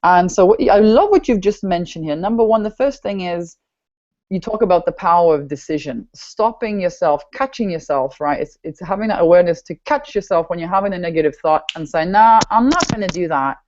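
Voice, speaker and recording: Lively, emphatic woman podcast host. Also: on the low side, a little fast. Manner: animated, emphatic, repeats herself. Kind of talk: enthusiastic interview chat. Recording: dull lo-fi audio.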